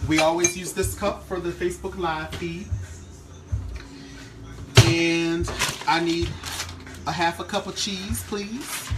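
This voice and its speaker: Over loud music, a fairly high-pitched man speaks in a steady tone, slowly and with frequent pauses. He's from the Eastern Shore of Maryland, USA, with a hint of its accent, and he chats casually with viewers while cooking at home on a live stream.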